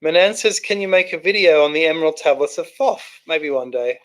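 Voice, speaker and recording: A man with a slightly higher voice hosts a casual livestream. He reads viewer comments aloud and answers them in a loose, rambling way, often restarting his sentences. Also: lively intonation, fairly quick. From Australia. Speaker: livestream host reading chat. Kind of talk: casual live chat.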